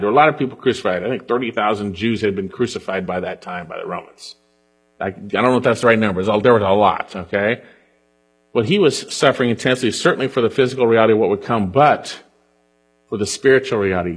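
A pastor preaching an earnest sermon and reading scripture aloud, often dropping to a hush on key points. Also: male voice, on the low side, slightly rough.

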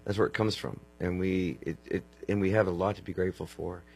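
A man's voice: low voice, fairly even intonation, brisk, vocal fry, a little mellow, soft background music. A man, telling earnest stories as a guest and often restarting his phrases. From Texas. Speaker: worship musician guest. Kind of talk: casual storytelling.

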